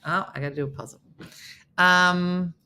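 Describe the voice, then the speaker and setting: A woman's voice: on the low side, steady tone, normal speed, sharp tone. A middle-aged woman with a New Jersey accent, hosting a casual live morning show and chatting with viewers in a self-mocking way.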